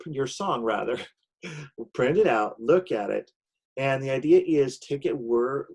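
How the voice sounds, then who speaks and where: A man's voice: medium pitch, darkish tone. Man teaching a lesson, checking in with "okay?". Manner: explanatory, many "okay?" check-ins and "um" fillers. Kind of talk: recorded online lesson with screen share.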